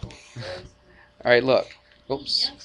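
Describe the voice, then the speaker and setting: A male math teacher lecturing a class in a classroom, energetic and jokey, often checking in with the students. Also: medium pitch, extremely slow. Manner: energetic, jokey, asks frequent check-in questions.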